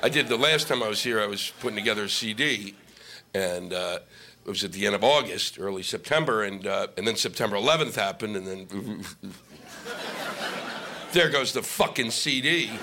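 A man doing a stand-up comedy set on stage, ranting and swearing with shouted bursts. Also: mid-range voice, expressive, moderate pace, creaky. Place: comedy stage before a live audience. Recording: live stage mic with noisy audience.

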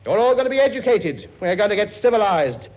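A man's voice: sits high, sing-song, fast, darkish tone, dull audio. A man playing a brash, bossy working-class king in a radio comedy sketch. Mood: pompous, scolding. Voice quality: blunt, bossy, cheeky. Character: brash working-class king bossing his many children.

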